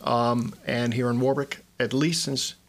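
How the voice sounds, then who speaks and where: A man being interviewed as a guest on a local radio show, polite and affable, with a slightly halting way of speaking in the studio. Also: medium pitch, flat delivery. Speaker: radio guest from a tax aid service.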